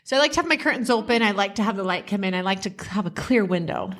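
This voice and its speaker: A woman, co-hosting a podcast and telling stories in a lively, chatty way with lots of laughter. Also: mid-range voice, racing. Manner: animated storyteller, laughs often. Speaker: podcast co-host. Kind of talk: casual chat.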